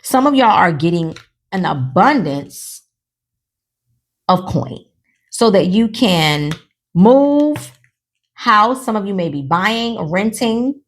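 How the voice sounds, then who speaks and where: A woman's voice: mid-range voice, takes it slowly. A woman from New Orleans giving a casual tarot reading at home to her viewers. She is chatty and encouraging, often tags her lines with "okay?" or "right?", and laughs often. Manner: animated, with frequent laughter. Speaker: tarot reader.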